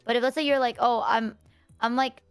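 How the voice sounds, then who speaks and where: A woman's voice: fairly high pitch, steady tone, fairly quick, clean tone, faint music behind. A woman chatting casually, earnest and rambling as she explains herself. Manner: earnest, rambling, lots of fillers and quoting herself. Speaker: streamer. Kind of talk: casual chat.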